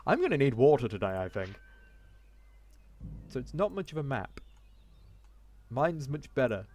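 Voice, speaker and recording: A man's voice: mid-range voice, big pitch swings, moderate pace, darkish tone. A man reading a fantasy gamebook aloud, correcting himself as he goes and breaking off for chatty remarks. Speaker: gamebook let's-player.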